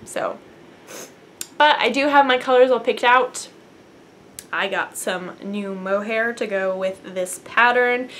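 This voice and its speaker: A woman's voice: mid-range voice, a bit bright, slight background noise. A young woman, hosting a knitting podcast from her apartment, chatting casually and bubbly with lots of fillers. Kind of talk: casual chat to camera. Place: apartment at home.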